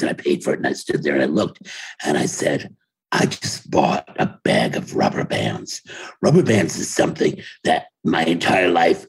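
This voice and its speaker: An older New Yorker, a playwright and actor appearing as an interview guest, tells wry, rambling stories over a video call from his home office, often interrupting himself. His voice is extremely low with a breathy edge. The audio quality is poor.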